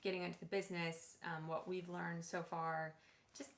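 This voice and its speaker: A woman's voice: lowish voice, level tone, moderate pace, reverberant. A woman co-hosting a casual livestream chat, bubbly and playful, often breaking into laughs. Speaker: co-host, lawyer and actress.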